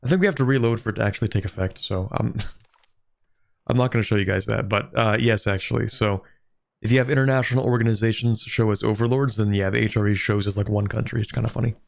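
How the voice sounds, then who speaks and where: A man's voice: on the low side, fairly even intonation, fast talker, gravelly. A man streaming a strategy game, chatting casually, thinking aloud and answering viewers' questions. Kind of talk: casual gameplay commentary.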